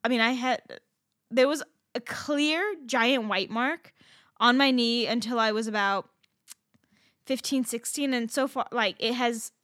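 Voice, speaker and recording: A woman with a fairly high, bright voice tells a story in casual podcast chat. She is animated, swears freely and scatters fillers through her talk. The sound is dry and close. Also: measured pace, no room sound. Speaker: podcast co-host.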